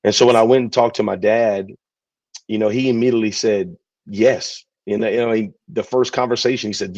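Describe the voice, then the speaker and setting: A man, a pastor telling his story in an interview, relaxed and chatty. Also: on the low side, a little fast, no echo. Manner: relaxed, chatty, many fillers. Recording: dull, dry recording.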